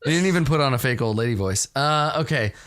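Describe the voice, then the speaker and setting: A man narrating as game master of a tabletop game, chatty and quick to laugh. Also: mid-range voice, lively intonation, a loud crowd. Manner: laughing, loose and chatty, with many fillers.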